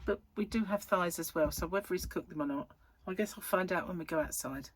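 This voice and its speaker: A woman's voice: lowish voice, a little fast, slight background noise. A woman in her thirties, a crochet vlogger chatting casually in a rambling way, full of fillers. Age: 30s. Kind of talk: casual chat.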